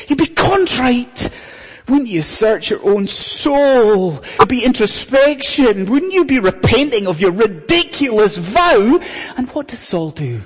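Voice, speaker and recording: A male preacher giving a sermon, firing rhetorical questions at the congregation and dropping to a hushed whisper for emphasis. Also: very high voice, slightly rough. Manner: animated, asks the congregation many rhetorical questions. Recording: long hall reverb.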